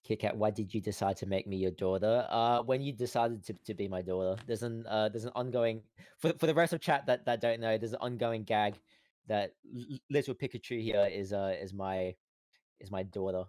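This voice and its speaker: Punning man with a low, dry voice. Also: brisk, a little mellow, no room sound. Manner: playful, punning, laughing. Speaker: VTuber guest. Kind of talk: casual stream chat.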